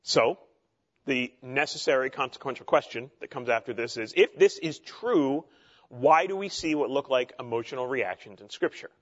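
A man's voice: medium pitch, lively intonation, moderate pace, dull audio. A man teaching a theology class in a conversational way, with frequent fillers and asides.

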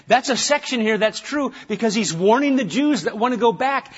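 A man preaching a sermon as pastor, passionately stressing points and then dropping to a hushed tone for prayer. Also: very high voice, animated, normal speed, few pauses, husky, dull audio. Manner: impassioned, swinging from loud emphasis to hushed, intimate prayer. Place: church.

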